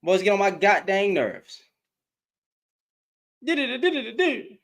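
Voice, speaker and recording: Man ranting in lively high commentary. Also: normal speed. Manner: animated, repetitive, profane, laughs often. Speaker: online commentator. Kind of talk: heated reaction commentary. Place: in Dallas, Texas.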